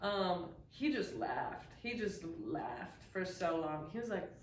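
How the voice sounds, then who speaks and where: A woman's voice: fairly low pitch, big pitch swings, slow pace. A young woman co-hosting a podcast, telling rambling stories with a giggle. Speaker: podcast co-host. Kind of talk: casual chat. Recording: roomy echo, mic at a distance, faint hiss.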